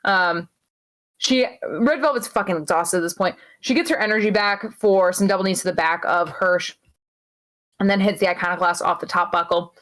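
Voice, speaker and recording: A woman's voice: on the low side, normal speed, a bit bright, low-quality recording. A woman co-hosting a podcast, giving a loose, swearing play-by-play recap full of fillers. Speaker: podcast co-host. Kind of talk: casual wrestling recap chat.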